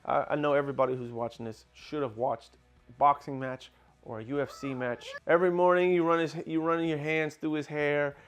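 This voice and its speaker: A man's voice: fairly high pitch, fairly even intonation, brisk, clean tone. A man co-hosting a casual podcast about dog breeding, talking emphatically in a lecturing way and acting out little scenes.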